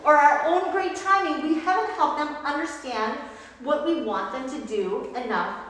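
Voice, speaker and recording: A woman's voice: high-pitched, moderate pace, a bit bright. A woman dog trainer giving an upbeat training lesson and praising a puppy as she explains. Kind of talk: instructional dog training demo. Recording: echoey hall with faint noise.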